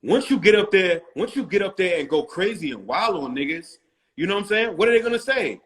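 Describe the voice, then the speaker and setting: Slightly high-voiced rapper telling stories. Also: male voice, sing-song, fast, fairly bright tone. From Long Island, New York. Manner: loose storytelling with frequent "you know what I'm saying". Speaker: rapper guest. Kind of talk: casual interview chat.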